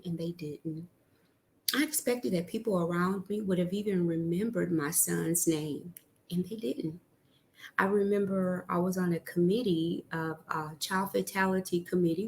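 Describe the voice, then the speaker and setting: A middle-aged woman telling her own story in earnest, animated and repeating herself as she goes. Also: lowish voice, vocal fry. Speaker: podcast guest speaker. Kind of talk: personal testimony.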